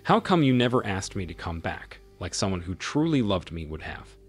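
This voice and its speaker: A man voicing a hurt ex-wife who pleads softly and whines, in a storybook reading. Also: sits low, sing-song, normal speed, husky, faint music behind, heavily acted. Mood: pleading. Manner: soft, whining.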